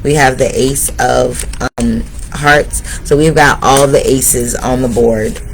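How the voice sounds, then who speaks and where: A man's voice: medium pitch, steady tone, slow pace, creaky, a little hiss or hum, rough recording. A man giving a tarot reading, speaking straight to his viewers and urging them on. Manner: motivational, addresses viewers directly. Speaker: tarot reader.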